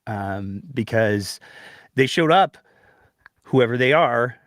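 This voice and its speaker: A man's voice: medium pitch, takes it slowly, no echo, studio quality. A man hosting a political commentary show, talking in a sarcastic, opinionated way. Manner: sarcastic, animated, puts on mocking voices.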